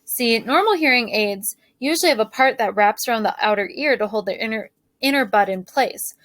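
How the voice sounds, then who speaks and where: Woman reading a novel aloud, teacher, clear steady storytelling, higher voice, dry close sound. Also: a little fast, no room sound.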